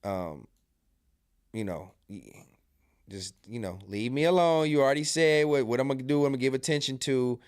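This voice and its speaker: A man's voice: mid-range voice, moderate pace, dry recording, studio quality. A man hosting a live stream, talking casually in loose, profane slang and trading insults. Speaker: live stream host reacting to clips.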